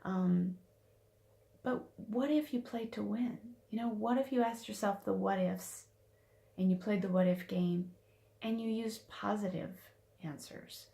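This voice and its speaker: A woman's voice: mid-range voice, a little slow, vocal fry, warm tone. A woman success coach giving a casual weekly motivational talk, chatty with fillers and restarts.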